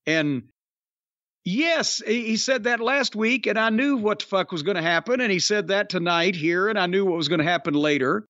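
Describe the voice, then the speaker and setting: A man's voice: sits high, sharp tone, dry recording, muffled recording. A man hosting a wrestling podcast, talking bluntly and profanely with emphatic stresses. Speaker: podcast host reviewing wrestling. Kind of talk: casual podcast chat.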